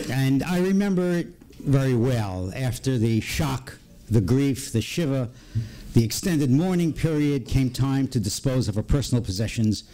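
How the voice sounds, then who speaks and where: An older man tells a personal story on stage in a lively, up-and-down voice, timing his pauses for effect. His tone is mellow and warm, with a faint hum behind him. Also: mid-range voice. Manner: animated, with dramatic pauses and acted-out dialogue.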